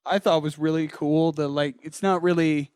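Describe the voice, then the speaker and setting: A joking man on a casual game review podcast who eagerly chimes in with quips. His voice sits a little higher than most men's and is recorded close and dry. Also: steady tone, normal speed, darkish tone, smooth, no room sound. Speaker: podcast co-host.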